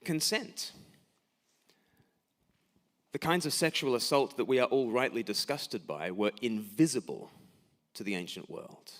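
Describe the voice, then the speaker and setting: A man preaching a sermon in a church, emphatic, with rhetorical questions and repeated words at the start of his sentences. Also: mid-range voice.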